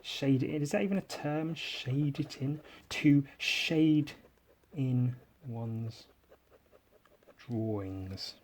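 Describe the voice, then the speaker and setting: This drawing podcast host is an Englishman whose rambling, casual talk is full of sarcasm and self-mockery, frequently fading into quiet. He talks slowly in a mid-range voice, with a little background noise audible.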